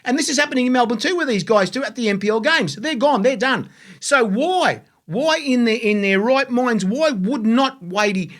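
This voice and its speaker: A man's voice: very high voice, animated, moderate pace, fairly bright tone. A middle-aged man hosting a sports talk show, exclaiming and repeating himself as he gets indignant. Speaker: host. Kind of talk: casual sports radio chat.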